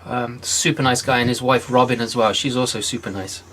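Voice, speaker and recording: A man's voice: mid-range voice, fairly even intonation, a little hiss or hum. A man hosting a casual online chat show, greeting viewers by name in an upbeat, chatty way. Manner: chatty, upbeat, quick shout-outs to viewers. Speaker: host. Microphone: video call.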